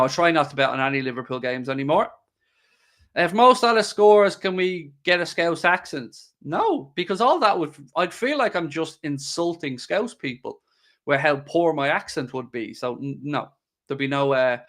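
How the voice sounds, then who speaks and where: A man's voice: mid-range voice, animated, moderate pace, fairly bright tone. A man hosting a live stream, chatting casually and joking as he answers viewers' questions. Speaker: livestream host.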